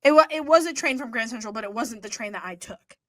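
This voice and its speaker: Here a young woman co-hosting a podcast recounts a story in easygoing talk, acting out people's words with animated, freely swearing delivery. She talks fast in a slightly high voice, recorded without echo.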